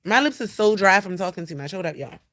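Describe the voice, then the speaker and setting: A woman talks to her livestream viewers from home in a bright, forceful voice. She is animated and blunt, swears freely and speaks right to the people watching. It is recorded on a phone. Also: medium pitch, fast talker. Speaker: livestream host. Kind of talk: casual livestream chat. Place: at home indoors.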